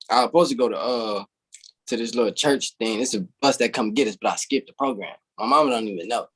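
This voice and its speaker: A man guest telling lively stories in a casual, slangy way, often saying "bro". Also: medium pitch, husky. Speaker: interview guest. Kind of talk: casual storytelling.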